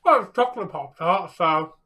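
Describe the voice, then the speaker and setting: A man's voice: high-pitched, expressive, normal speed, sharp tone. A man co-hosting a casual live hockey reaction stream, dropping dry, joking quips. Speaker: co-host.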